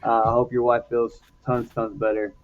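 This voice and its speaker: A man's voice: mid-range voice, flat delivery, moderate pace, narrow, tinny audio, slight background noise. Chatty man making football picks. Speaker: podcast co-host. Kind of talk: casual sports chat.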